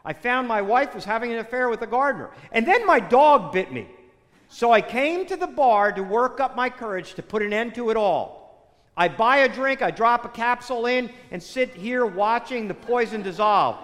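A man's voice: extremely high pitch, expressive, moderate pace, a bit bright, big-room sound, pitched above the performer's own voice. A man voicing a defeated grown man at a bar, wearily listing his woes. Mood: despairing.

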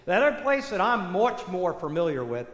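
A parish priest giving a sermon in a church, telling the story in a conversational, animated way with many asides. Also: male voice, high voice, moderate pace. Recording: echoey church hall reverb.

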